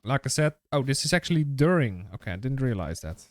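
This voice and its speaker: A man's voice: medium pitch, big pitch swings, fast, no echo. Rambling male game streamer. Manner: rambling, chatty, many fillers and restarts. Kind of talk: casual live-stream chat while gaming.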